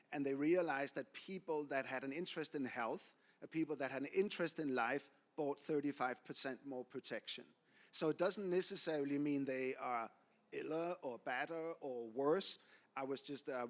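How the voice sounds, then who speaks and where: A man speaking on an industry panel, blunt and opinionated, driving his points home with anecdotes. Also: medium pitch. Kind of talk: panel discussion.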